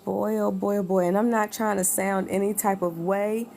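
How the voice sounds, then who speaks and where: A woman's voice: mid-range voice, fairly even intonation, moderate pace, creaky, a little mellow, slight background noise. A woman chatting casually at home on a livestream, rambling and laughing often. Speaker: livestream host.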